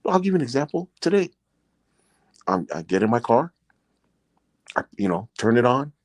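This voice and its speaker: Speaking in a medium-pitched, sing-song voice at a moderate pace, a middle-aged man recounts his own life in casual, rambling storytelling, with no echo on the recording. He is a podcast host who served time in prison, leans heavily on "you know," and becomes earnest and emotional about his experiences.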